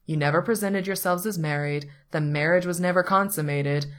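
A woman voicing a dry, long-suffering male attorney who speaks in a measured, wry way. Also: lowish voice, natural voice.

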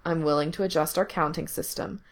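A woman voicing a teasing, possessive young man in control, speaking low and murmuring close to the ear. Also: fairly even intonation, brisk, natural voice. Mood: teasing, commanding.

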